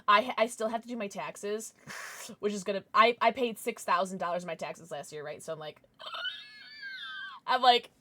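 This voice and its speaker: A young woman streaming live, chatting casually with her chat, thanking viewers and squealing with excitement. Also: medium pitch, brisk.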